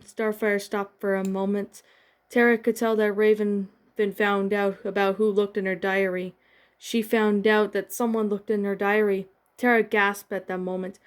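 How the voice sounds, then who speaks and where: Woman, narrator, fan-fiction reading, plain, halting, small restarts. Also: medium pitch, level tone, clean tone.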